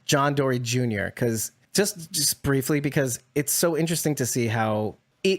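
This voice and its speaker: A man of middle pitch chatting on a podcast. He talks in long, winding runs with lively, animated turns, laughs easily and swears casually. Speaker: podcast co-host. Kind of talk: casual chat.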